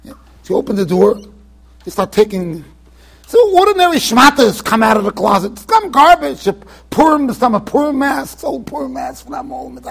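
High-voiced husky rabbi telling a story. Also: male voice, moderate pace. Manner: animated storyteller, chatty asides to students. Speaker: rabbi giving a Torah class. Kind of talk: storytelling lecture. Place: yeshiva study hall.

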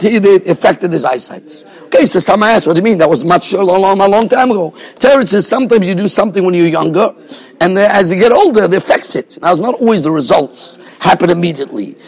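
A man's voice: high-pitched, breathy edge. A man, a rabbi giving a Torah class in a yeshiva, explaining points in a discursive way and often checking in with "right?". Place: yeshiva study hall.

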